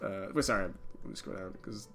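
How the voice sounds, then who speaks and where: A man's voice: low-pitched, moderate pace, soft background music. A man hosting a casual stream, reading silly forum comments aloud with mocking laughs. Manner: laughs a lot, mocking and animated. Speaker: stream host.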